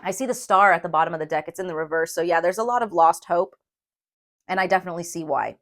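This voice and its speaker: A woman giving a tarot reading to viewers, emphatic and emotional, often checking in with a quick "okay?". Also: fairly low pitch. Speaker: tarot reader.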